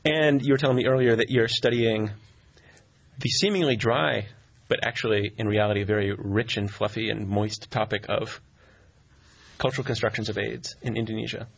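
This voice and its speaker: A man's voice: lowish voice, steady tone, normal speed, creaky, lo-fi sound. A man hosting a casual talk show, joking and sarcastic, laughing often. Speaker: host.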